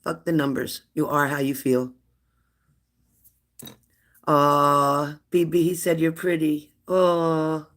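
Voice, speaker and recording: A woman in her fifties hosting a live stream, chatting warmly and laughing as she reads out viewers' comments. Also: deep voice, little pitch movement, slow, long pauses. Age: 50s. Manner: chatty and affectionate, laughs often, answers comments aloud. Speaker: livestream host of a spirit-messages channel.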